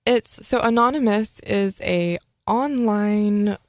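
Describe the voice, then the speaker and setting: A woman's voice: mid-range voice, slow. A young woman co-hosting a college radio show in a studio, chatting casually and laughing often. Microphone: studio microphone.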